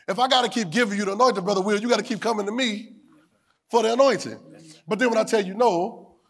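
A man a sermon in a call-and-response style. He repeats phrases, asks the room whether they hear him, and climbs to shouts. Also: sits high, fast talker, gravelly. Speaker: preacher.

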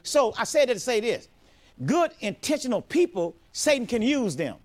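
A man's voice: extremely high pitch, very animated, normal speed, a little mellow. A middle-aged man preaching a sermon as a pastor, emphatic and repetitive, often restarting his sentences.

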